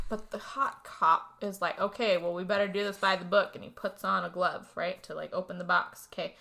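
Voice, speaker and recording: A young woman tells a film's story to a co-host in loose, casual chat. Her voice is bright and forceful. She swears freely and slips into quick impressions of the characters. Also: fairly low pitch, vocal fry. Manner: animated storytelling, swearing, acts out character lines. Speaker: podcast co-host recapping a movie.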